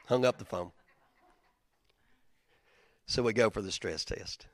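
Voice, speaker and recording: A man preaching a sermon in a conversational, storytelling way, swinging from loud outbursts to near-whispers. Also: slow, dry recording. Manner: conversational, storytelling with big swings in loudness and pitch. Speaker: pastor.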